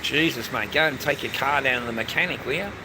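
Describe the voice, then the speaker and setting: A man's voice: mid-range voice, fast. An Australian man live-streaming outdoors, chatting in a rambling way, swearing freely and calling everyone "mate". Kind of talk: casual live-stream chat. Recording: noisy outdoor traffic.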